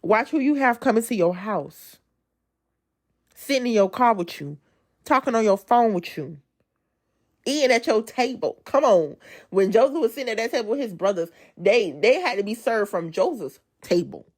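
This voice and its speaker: Woman preaching to y'all, all fired up, loud then quiet, chatty and casual. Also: on the high side, lively intonation, moderate pace. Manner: amped-up and colloquial, addressing listeners as y'all; swings between loud emphasis and soft asides. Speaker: speaker giving a devotional testimony. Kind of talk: preachy devotional talk.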